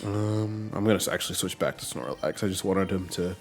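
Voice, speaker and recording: A man's voice: deep voice, a little fast, over music. A man streaming a game, chatting casually as he plays and talking to his team and viewers. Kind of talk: casual gameplay commentary.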